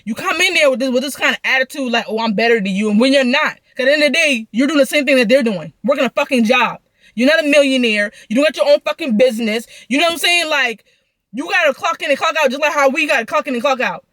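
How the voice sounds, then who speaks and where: Fast, heated young woman ranting. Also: high-pitched, fairly bright tone, no room sound. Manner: heated, profane, rapid ranting. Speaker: storyteller. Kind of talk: venting storytime.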